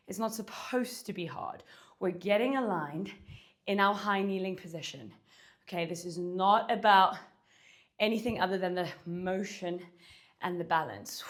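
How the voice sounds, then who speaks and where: Breathless woman coaching a Pilates workout. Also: fairly low pitch. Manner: counting reps and cueing form while moving, breathy sighs. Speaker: Pilates instructor. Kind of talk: workout instruction while exercising. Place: home studio.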